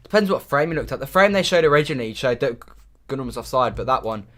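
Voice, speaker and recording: A young man commentating live on a football match for his stream, muttering between plays and shouting when his team scores. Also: medium pitch, fast talker. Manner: excitable, swings from muttering to shouting at goals.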